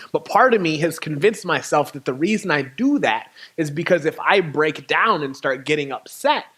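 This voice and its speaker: A man, a poet, telling a candid personal story in a spoken talk, animated and laughing now and then between lines. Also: on the high side. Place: church venue.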